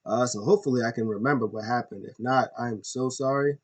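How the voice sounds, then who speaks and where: A man's voice: medium pitch, a little fast. A man hosting a casual video recap of a wrestling show, rambling with lots of ums and uhs and correcting himself as he goes. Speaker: YouTube host.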